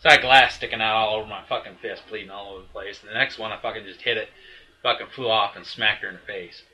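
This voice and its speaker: A man's voice: on the low side, fairly even intonation, fast, bright, forceful tone, low-quality recording. A man in casual conversation, telling a heated, profane story that rambles with restarts and asides. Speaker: storyteller recounting a breakup.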